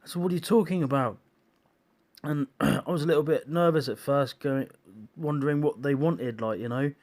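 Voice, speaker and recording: A man's voice: a little high, darkish tone. A man recounting a dream as a personal testimony for his video channel, speaking earnestly and emotionally with frequent restarts and fillers. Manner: halting, with many restarts and fillers; emotional, solemn. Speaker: video maker sharing visions.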